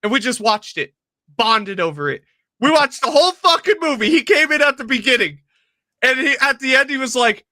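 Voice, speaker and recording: Animated, bright-voiced man co-host. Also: extremely high pitch, a little fast, dry recording, clean studio sound. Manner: animated storyteller, profane, laughs often. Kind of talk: casual chat.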